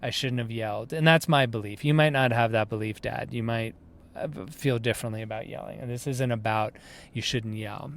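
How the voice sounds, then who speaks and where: A man's voice: mid-range voice, steady tone, fairly quick. A man in his thirties hosting a parenting podcast, telling a personal story in a casual, conversational way with plenty of fillers and asides. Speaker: podcast host.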